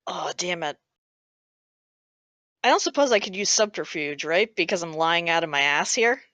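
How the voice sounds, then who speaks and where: Low-voiced woman playing a tabletop game. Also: lively intonation, normal speed, fairly bright tone, no echo. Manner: casual, laughing between lines. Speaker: player.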